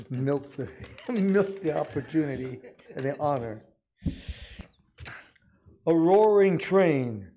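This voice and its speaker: An older man from Arkansas, a retired physician, reading his own rhymed poem aloud at a city council meeting in a measured, deliberate way. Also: medium pitch, mellow, slight background noise. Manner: measured, deliberate recital with dry humor. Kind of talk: slow rhymed poetry reading.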